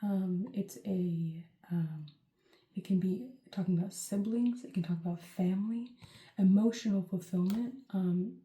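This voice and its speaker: Chatty woman reading tarot, mellow voice. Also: medium pitch, unhurried. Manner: rambling, chatty, full of "like" and "um". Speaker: tarot reader. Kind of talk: casual tarot reading to camera. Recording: roomy echo.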